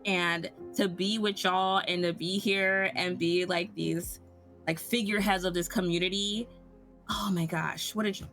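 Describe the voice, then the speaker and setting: A woman's voice: lowish voice, steady tone, unhurried, a bit bright, soft background music. A woman guest in a casual round table chat, rambling and heartfelt, full of "like"s.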